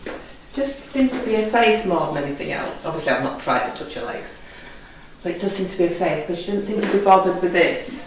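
A woman softly praising and coaxing a horse while training it. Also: fairly low pitch, expressive, brisk. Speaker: horse owner in a training clip. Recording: very echoey, distant, faint noise.

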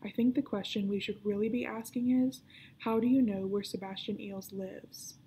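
A woman reading aloud voices a suspicious young boy who asks probing questions in a low whisper. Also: steady tone, moderate pace, mellow, a little hiss or hum, lightly acted.

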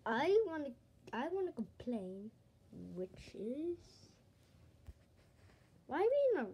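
A woman performing a playful toy skit, excitably switching between character voices. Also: high voice, slow, long pauses, slight background noise.

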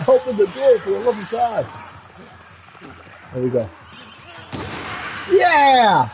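A man streaming a video game, swearing, yelling and pleading at the screen in frustration. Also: sits high, sing-song, slow, pauses often, slight background noise. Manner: profane, yells and pleads at the game. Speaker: gamer streamer. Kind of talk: live gameplay commentary.

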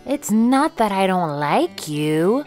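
Sleepy old dog, talks slow and kind, lively ups and downs, lady reading it. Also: mid-range voice, soft background music. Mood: gentle. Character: old tired male pet dog, gentle.

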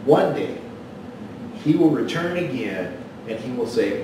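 A man's voice: medium pitch, very animated, measured pace, long pauses, heavy reverb, distant mic, noisy background. A man preaching a sermon as pastor, folksy and storytelling, with a joke that he acts out in voices. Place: church sanctuary.

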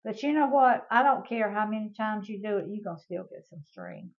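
A woman's voice: medium pitch, animated, brisk, dull audio. An older woman, hosting a casual home cooking demonstration in a chatty, homey way and talking to her viewers as y'all. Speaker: cooking show host.

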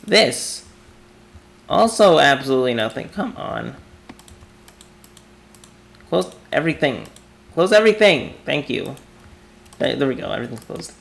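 A man commentating a horror game he is playing, jumpy and excitable, yelping and screaming at scares, his throat dry from yelling. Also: mid-range voice, measured pace, creaky, long pauses. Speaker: gaming YouTuber. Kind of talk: horror let's play commentary.

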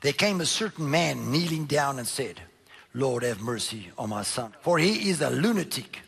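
Here a man preaches, voicing scripture and remarking on it as he shifts between booming declarations and hushed murmurs. His gravelly delivery is animated and moves at a normal pace.

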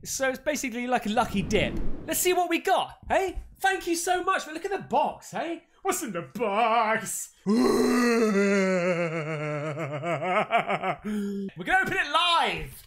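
A man hosting an excited unboxing chat, excitable, with loud exclamations, calling everyone mate. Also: very high voice, brisk. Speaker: paranormal YouTuber.

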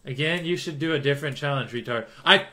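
Young man, livestream chat, jokey, loud hype then mumbling, bright voice, keyboard clicks behind. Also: a little high, fast talker.

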